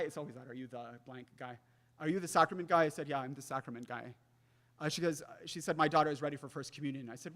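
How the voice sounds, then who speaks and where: Young guy giving an earnest church talk, kinda high voice, goes quiet a lot, big hall echo. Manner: earnest, storytelling, often drops to a soft hush. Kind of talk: faith lecture with a personal story. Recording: long hall reverb.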